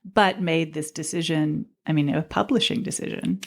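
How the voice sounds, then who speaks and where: A woman's voice: deep voice, normal speed, creaky. A woman co-hosting a casual podcast chat, mostly giving short supportive replies. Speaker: podcast co-host.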